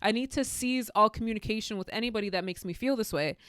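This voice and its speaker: Smooth-voiced woman hosting a podcast. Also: mid-range voice, quick pace, no echo, studio quality. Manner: candid, animated storytelling with spiritual musings. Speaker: podcast host. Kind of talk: reflective solo podcast monologue.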